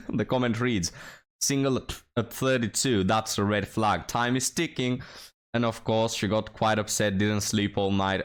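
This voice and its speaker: A man's voice: fairly low pitch, smooth. A young man hosting a reaction commentary video, mocking and sarcastic as he talks to his viewers. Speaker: commentary channel host.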